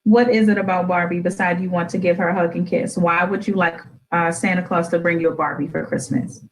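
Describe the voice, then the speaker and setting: A woman's voice: lowish voice, fairly even intonation, a little fast, low-quality recording. Playful woman host quizzing a child. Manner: gentle, playful questioning with teasing. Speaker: radio show host. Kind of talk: casual chat with her young daughter.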